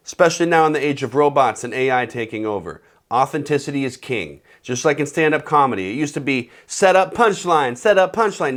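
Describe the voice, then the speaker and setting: A man in his thirties giving comedic advice, animated and sarcastic, acting out bits of phone calls. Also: a little high. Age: 30s. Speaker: host.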